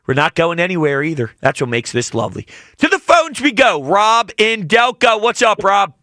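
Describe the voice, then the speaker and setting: Male sports radio host, high and bright, dry studio mic, enthusiastic. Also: very animated, normal speed, no room sound. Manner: enthusiastic, reacts warmly to callers.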